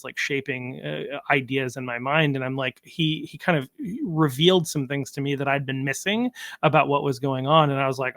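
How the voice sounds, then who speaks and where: A man's voice: fairly high pitch, pushed and bright, no room sound. A man hosting a podcast in casual conversation, hesitant and stammering, with frequent restarts.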